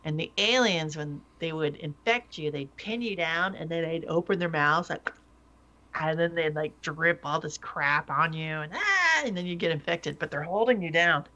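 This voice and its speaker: A woman's voice: low-pitched, expressive, moderate pace, pushed and bright, highs cut off. A woman co-hosting a live-streamed talk show, rambling through a story with giggles and restarts. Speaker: co-host. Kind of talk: casual live-stream chat.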